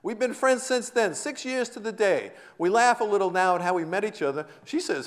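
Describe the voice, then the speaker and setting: An American man giving a storytelling lecture in a hall, animated, laughing often and shouting out quoted lines. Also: sits high, normal speed. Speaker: guest lecturer.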